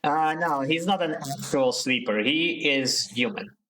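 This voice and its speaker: A man streaming a story game, reading the narration aloud and adding relaxed, joking asides. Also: a little high, measured pace, rough recording.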